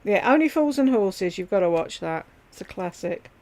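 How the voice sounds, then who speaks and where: A woman with a medium-pitched, slightly mellow voice speaks animatedly at normal speed while hosting her own livestream from home. She chats loosely with viewers, addressing them by name and rambling from one topic to the next.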